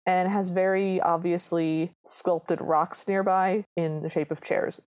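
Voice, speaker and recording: A woman's voice: on the low side, fairly even intonation, slow pace, darkish tone. A woman co-hosting a podcast, recapping a movie in casual chat. She sounds sarcastic and exasperated. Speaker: podcast co-host.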